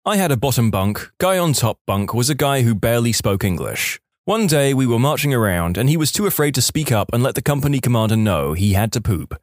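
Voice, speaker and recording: A man's voice: medium pitch, big pitch swings, a little fast, few pauses, no echo. A man narrating online stories in a wry, scripted storytelling style. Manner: dry, wry storytelling with quoted dialogue.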